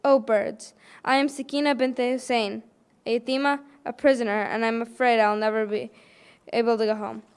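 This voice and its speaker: A woman's voice: on the high side, level tone, normal speed, smooth, lightly acted. A woman voicing a grieving orphaned little girl held in prison, reciting an elegy poem in a lamenting way. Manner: lamenting, repeated plaintive calls.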